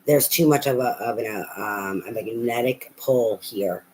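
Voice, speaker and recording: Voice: medium pitch, unhurried, darkish tone, slight background noise, rough recording. A tarot reader giving a casual reading, talking bluntly and emphatically with a lot of profanity and repetition.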